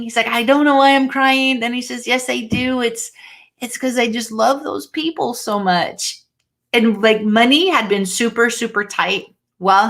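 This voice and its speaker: A woman's voice: medium pitch, a bit bright. A middle-aged woman from Washington state, telling a personal story as a guest speaker over a video call, earnest and laughing often. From Washington state, USA.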